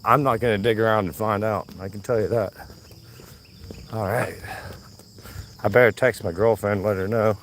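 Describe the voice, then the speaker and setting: A man chatting to his viewers on a live vlog while walking a trail, his voice hoarse from yelling. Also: lowish voice, fairly even intonation, normal speed, long pauses, slight background noise. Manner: chatty, talks to himself and viewers. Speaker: vlogger. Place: outdoor nature trail.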